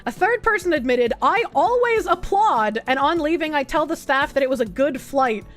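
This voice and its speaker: A woman's voice: high voice, brisk, fairly bright tone, soft background music. A young woman streamer reading an article aloud and reacting with blunt, sarcastic, swearing commentary.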